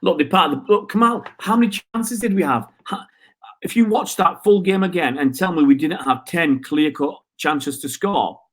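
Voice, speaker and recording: The host of a football channel, speaking in a slightly high voice at a moderate pace, rants in exasperation on a live stream. He responds to viewer comments with rhetorical questions.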